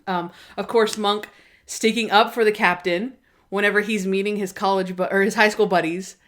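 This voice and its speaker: A woman's voice: medium pitch, normal speed. A woman co-hosting a podcast, chatting casually about a TV episode and acting out the characters' lines as she retells scenes. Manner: lively retelling that acts out quoted lines. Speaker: podcast co-host. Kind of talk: casual chat recapping a TV episode.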